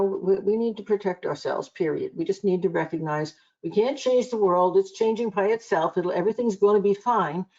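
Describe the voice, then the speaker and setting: A woman's voice: mid-range voice, dark tone, dull audio. A woman hosting a live online psychic reading show, talking in a chatty, rambling way with many restarts. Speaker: psychic reader and show host.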